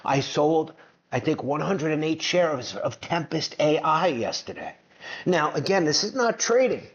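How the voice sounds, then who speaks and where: A man's voice: on the high side, animated, a little slow. Brash mocking man, dull lo-fi sound. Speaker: finance commentator. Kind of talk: combative commentary over clips.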